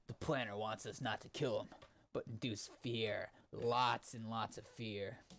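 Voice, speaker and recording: A man voicing an edgy young male sniper in a low, deadpan read. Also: measured pace. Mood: menacing.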